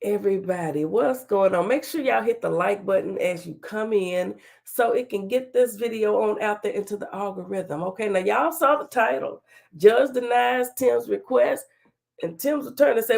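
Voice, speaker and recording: A woman with a slightly high, gravelly voice hosts a relaxed livestream talk show. She chats in a folksy way and greets viewers one by one by name. Her voice is still a bit off as she gets over being sick. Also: normal speed. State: recovering from illness, voice slightly off.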